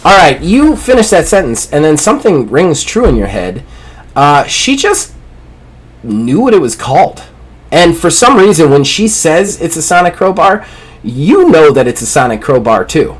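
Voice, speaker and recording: A man's voice: fairly high pitch, very animated, normal speed, husky, low-quality recording. A man acting as game master, narrating a tabletop role-playing game in a casual way, with fillers.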